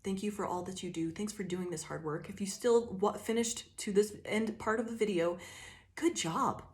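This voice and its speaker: A woman's voice: medium pitch, moderate pace. A woman giving a casual, profanity-laced tarot reading to her viewers, drawling and loose with fillers. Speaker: tarot reader.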